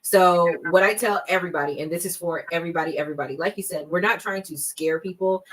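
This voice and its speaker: A woman in her thirties with a lowish voice appears as a guest expert on a podcast, heard in a low-quality recording. She explains the warning signs of fraud in an emphatic, conversational style, acting out scam calls in quick bursts.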